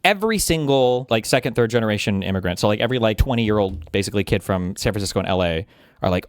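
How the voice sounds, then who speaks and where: A man's voice: fairly low pitch, animated, quick pace, no room sound, clean studio sound. A man in his thirties giving blunt, dismissive live-stream commentary, swearing freely. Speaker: streamer reacting to a clip.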